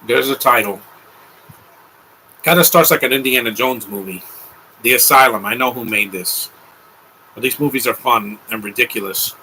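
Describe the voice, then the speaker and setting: A man's voice: medium pitch, normal speed, long pauses, bright, forceful tone, slight background noise, low-quality recording. A young man hosting a live movie commentary, talking in an offhand, rambling way with opinionated asides.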